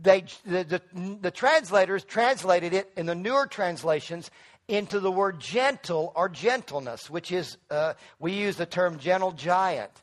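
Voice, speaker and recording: A middle-aged male pastor preaching a sermon in church, calling on the congregation to answer back and building to loud emphatic peaks. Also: high voice, lively intonation, unhurried. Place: church sanctuary.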